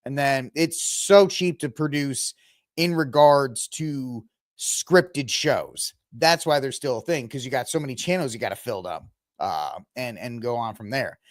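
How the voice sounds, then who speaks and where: A man's voice: mid-range voice, unhurried, dry recording, studio quality. A man hosting a casual commentary podcast, sarcastic and mocking, often putting on voices to quote people. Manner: sarcastic, animated, mocking voices when quoting. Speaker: podcast host.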